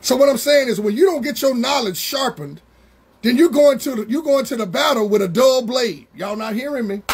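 A man preaching a Bible study sermon, drawing words out slowly for emphasis and calling out to members of the congregation. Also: very high voice, slightly rough. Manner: preaching with slow, drawn-out emphasis and call-outs to congregation members.

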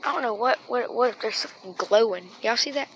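A woman's voice: fairly high pitch, fast. Chatty woman on a phone outdoors. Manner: chatty, rambling, talks to viewers as y'all. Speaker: vlogger. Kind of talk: casual rambling vlog. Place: outdoors at night, yard and street. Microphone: phone held in hand. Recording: phone recording with steady background noise.

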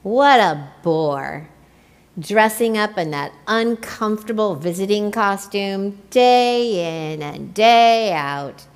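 A woman's voice: medium pitch, takes it slowly, smooth, in a large hall. A woman voicing a grumpy, bored male penguin emperor who grumbles wearily through his complaints. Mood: grumbling. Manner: grumbling, weary.

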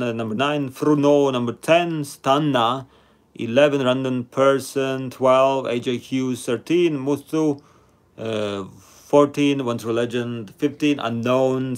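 A man hosting a live stream number game, chatting with viewers and reading out their names and rankings. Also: mid-range voice. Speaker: livestream host.

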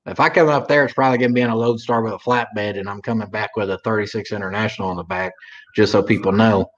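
A co-host from Oklahoma chats casually on a livestream, rambling along in a drawl. His voice is lowish and steady, and he talks fast, but the recording is muffled with a little hiss or hum.

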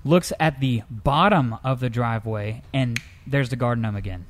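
A man co-hosting a comedic news-story show, telling tales in a lively, animated way. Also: normal speed, a little hiss or hum. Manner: lively storyteller, jumps into high pitch for characters. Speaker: co-host.

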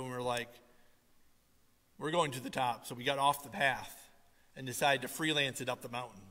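Man, pastor, lively sermon, bright ringing high voice, long church hall echo. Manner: animated storytelling with sudden loud emphatic exhortations. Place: church sanctuary.

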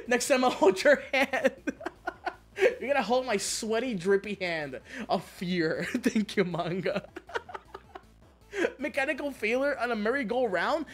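Male streamer, casual game chat, excitable, swears constantly, laughs through stories, soft game music underneath. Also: very high voice, a little slow. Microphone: streaming mic.

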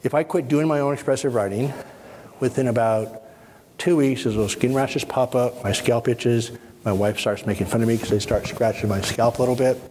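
A middle-aged man speaking to a workshop audience, guiding them through an exercise and explaining with calm, step-by-step instruction. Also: mid-range voice, normal speed, slight background noise. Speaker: spine surgeon giving a workshop. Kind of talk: guided exercise and lecture to an audience. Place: conference hall. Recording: husky voice in a reverberant hall.

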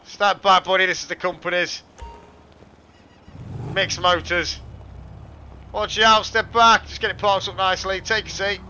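Bright, high car-salesman patter. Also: level tone, normal speed, pauses often, highs cut off, slight background noise. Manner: chatty salesman patter, calls everyone mate and buddy. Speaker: car dealer in game role-play. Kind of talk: in-character role-play over game voice chat.

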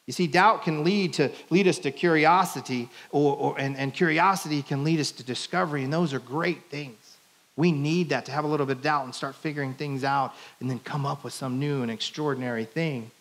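A man preaching a sermon in a church, in a conversational, playful style that acts out the quotes. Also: medium pitch. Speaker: pastor. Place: church sanctuary.

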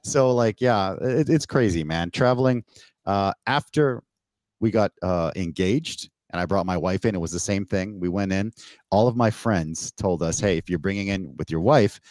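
A man from Canada tells stories over a remote call in a very deep voice, close and dry with no room sound. He talks casually and lets his voice jump up when he acts out what people said to him, swearing along the way. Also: dry recording. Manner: animated, swears, acts out quoted exchanges with rising pitch. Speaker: podcast guest. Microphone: remote call mic.

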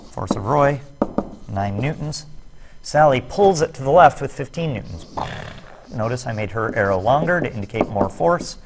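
A man's medium-pitched voice, with slight background noise, carries a recorded classroom lesson on net force. He solves problems step by step and drops in self-deprecating jokes.

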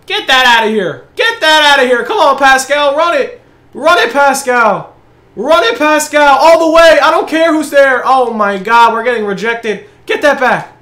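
A young man commentating his own basketball video game match, excitable, hyping his plays and groaning at misses. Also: extremely high pitch, moderate pace, roomy sound. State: out of breath. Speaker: gaming channel host. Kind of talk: live gameplay commentary.

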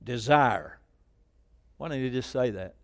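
In a church, a middle-aged male pastor preaches a sermon in an unhurried, mid-range voice. He alternates between loud shouted lines and quiet asides, calling on the congregation to repeat phrases.

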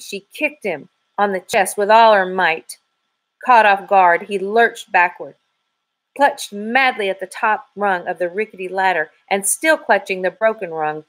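A woman reading a children's mystery novel aloud in an even, measured way. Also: medium pitch, rough recording. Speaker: audiobook reader. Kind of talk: storybook narration.

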